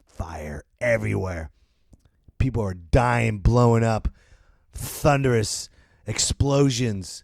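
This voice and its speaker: A man's voice: on the low side, unhurried, gravelly, a little mellow, no room sound, clean studio sound. A man hosting a comedy podcast, ranting about a movie in an exaggerated, profane way. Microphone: podcast mic.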